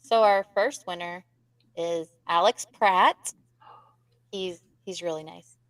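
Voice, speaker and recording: A woman co-hosting a live podcast, chatting casually with quick laughs and self-deprecating asides. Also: fairly low pitch, no echo. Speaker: podcast co-host.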